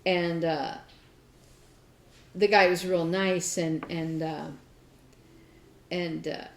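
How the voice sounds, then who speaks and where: A woman co-hosting a craft podcast, telling a story in a chatty, animated way with lots of fillers. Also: fairly low pitch, very slow, roomy sound, slight background noise. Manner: chatty, animated retelling with many fillers and laughs. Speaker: podcast co-host. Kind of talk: casual storytelling chat.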